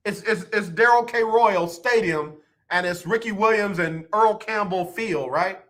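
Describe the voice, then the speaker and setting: A man's voice: high voice, measured pace, fairly bright tone. A man hosting live sports talk radio, joking and repeating his points for effect into a studio microphone.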